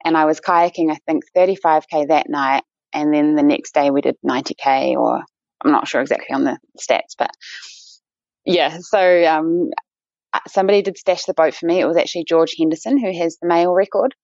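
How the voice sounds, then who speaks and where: A woman's voice: deep voice, fairly quick, darkish tone, no room sound. A woman with a New Zealand accent, a guest in a casual interview, chatty with many fillers and restarts. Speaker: guest, endurance runner. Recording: dull lo-fi dry sound.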